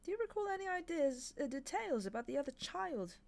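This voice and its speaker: Fussy, sweet-natured male angel, voice pitched well up, a woman putting it on, storybook reading. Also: sing-song, fairly quick, vocal fry, a little mellow, heavily acted. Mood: prim. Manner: sweet, prim. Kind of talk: audiobook reading.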